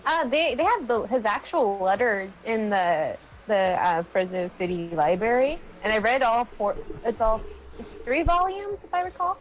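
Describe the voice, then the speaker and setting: A woman's voice: on the high side, expressive, moderate pace, a little hiss or hum, low-quality recording. A giggly woman chatting casually on a podcast through a headphone mic, laughing often. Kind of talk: casual chat.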